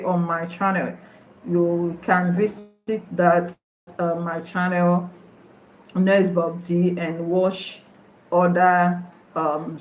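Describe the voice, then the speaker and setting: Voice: medium pitch, a little hiss or hum. A nurse giving a health talk on a live stream, repeating questions to viewers. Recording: echoey room, dull lo-fi sound.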